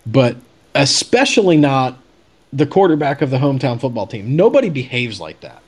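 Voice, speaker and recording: Man, casual storyteller, talks loosely with fillers, mid-pitched. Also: very animated, normal speed, breathy edge. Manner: chatty, many fillers and restarts. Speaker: podcast guest telling a story.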